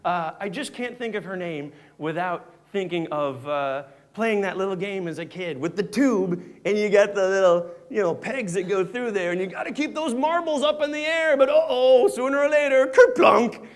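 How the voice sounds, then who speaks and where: An American comedian performs live stand-up to a theater crowd. His voice sits high and light for a man. He talks with animated energy and keeps dropping into mock voices and snippets of Dutch. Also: moderate pace, hardly any pauses. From United States. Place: theater stage before a laughing audience.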